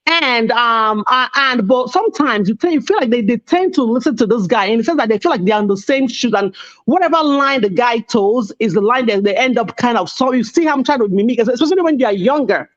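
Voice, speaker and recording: A woman's voice: on the high side, expressive, brisk. Rambling woman co-host, lo-fi audio. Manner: rambling, many restarts and "you see what I'm saying". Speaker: podcast co-host. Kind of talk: casual panel discussion.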